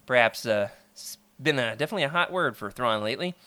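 A man from the American South hosting a casual book-discussion podcast, animated and jokey, laughing often. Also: mid-range voice, quick pace, no echo. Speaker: podcast host.

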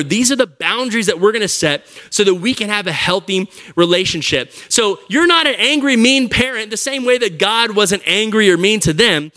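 A male preacher with a high, bright voice jokes and brims with energy during a church service, talking straight to the live crowd. His sermon is lively and conversational.

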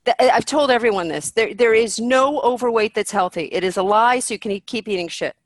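A woman's voice: fairly high pitch, fairly quick. A woman guest in a candid interview, talking bluntly and with animation, swearing freely and acting out what people say. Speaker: podcast guest.

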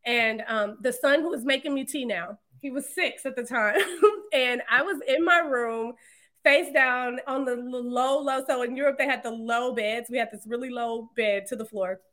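A woman in her thirties, a podcast guest, telling her story in a casual, animated way and laughing often. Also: a little high, normal speed. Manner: animated, laughs often, quotes others in lively voices. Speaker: podcast guest, marketing entrepreneur.

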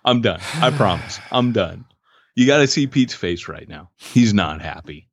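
A man co-hosting a podcast, telling a story in a casual, excitable way. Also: on the low side, measured pace, no echo, clean studio sound. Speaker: podcast co-host.

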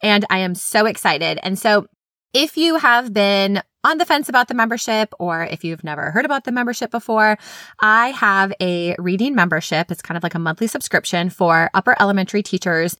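A woman's voice: medium pitch, animated, fairly quick, pushed and bright, no room sound, clean studio sound. A woman, hosting an upbeat, chatty teaching podcast. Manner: enthusiastic, chatty. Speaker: podcast host, literacy specialist.

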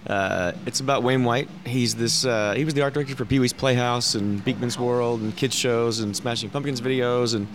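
A man, a documentary director, talking in a relaxed, conversational way as an interview guest. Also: mid-range voice, moderate pace, few pauses, a little hiss or hum. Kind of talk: casual interview.

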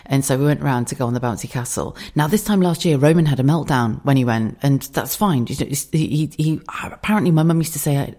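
A woman in her thirties hosting a casual solo podcast from her kitchen late at night, chatty and quick to laugh and swear. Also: a bass voice, mellow. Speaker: podcast host. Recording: slightly echoey kitchen.

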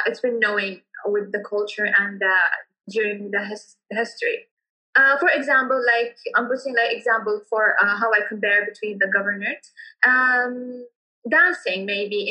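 A young woman with a Yemeni Arabic accent speaks English as a second language. Her voice sits a little high and rings bright. She answers in a halting, casual way, full of fillers and restarts. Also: rough recording. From Yemen, Hadramaut. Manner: hesitant, many fillers and restarts. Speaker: interviewee, cultural entrepreneur.

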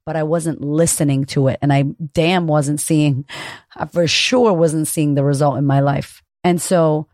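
A woman, a confidence coach hosting her own podcast, talking solo in a high-energy, chatty way and swearing casually. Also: steady tone, a little slow, a little mellow, no echo, studio quality.

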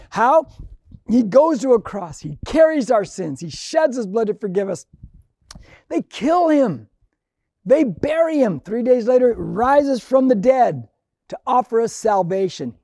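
A man's voice: very high-pitched, warm tone, no echo, studio quality. A middle-aged man preaching a sermon, building emphasis through repeated phrases and rising calls. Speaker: pastor.

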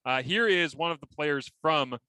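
A man's voice: on the high side, moderate pace, bright, forceful tone, clear, resonant tone, no echo, low-quality recording. A man hosting a sports talk show, chatting casually and telling stories with a laugh.

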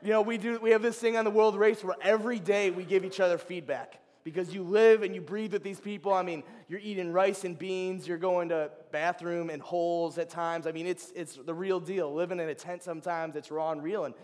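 High-voiced young man in an echoing hall. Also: brisk, few pauses. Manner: animated, chatty storyteller. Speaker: ministry speaker. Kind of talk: informal sermon with personal stories. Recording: long hall reverb.

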